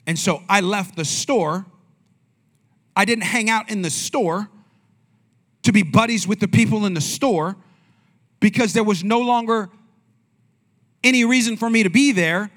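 A man with a notably high voice preaches in a loose, talky way, firing questions at the congregation and bouncing between jokes and scripture. He sounds like a young adult pastor speaking from the pulpit. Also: a bit bright. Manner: conversational, asks the congregation questions. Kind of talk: sermon.

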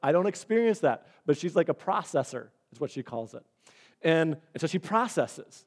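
The preacher here is a pastor whose voice runs a little high, at a moderate pace. Conversational and animated, he acts out short dialogues during his sermon.

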